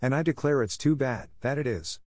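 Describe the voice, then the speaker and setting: A man's voice: mid-range voice, a little fast, darkish tone, no echo, voice pushed up, natural voice. A man reading the part of a polite, chatty little girl in a storybook, speaking earnestly. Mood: wondering.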